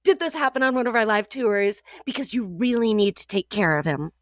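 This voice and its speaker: A woman co-hosting a comedic radio show in a studio, playful with deadpan jokes. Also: on the high side, brisk, no room sound.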